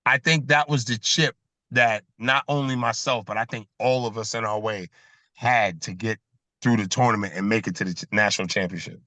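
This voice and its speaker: A middle-aged former basketball player, a guest on a casual podcast, telling animated stories and laughing between them over a video call. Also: male voice, mid-range voice, dry recording. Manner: animated storyteller who laughs between anecdotes.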